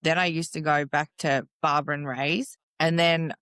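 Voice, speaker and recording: A woman's voice: deep voice, fairly even intonation, moderate pace, fairly bright tone, smooth, no echo. A young woman, a guest in an interview, talking plainly and casually about her life. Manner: plain-spoken, casual, lots of fillers.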